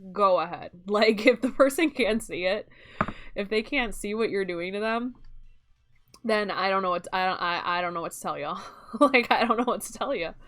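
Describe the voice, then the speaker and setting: A woman's voice: medium pitch, moderate pace, a bit bright. A young woman with a Midwestern accent, chatting casually and rambling while she streams a game, often breaking into laughs.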